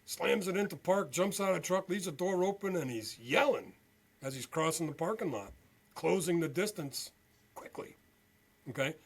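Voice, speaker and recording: A male veteran and podcast guest telling a story in an animated way, often checking in with "okay?". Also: on the high side, normal speed, husky. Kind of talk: storytelling interview.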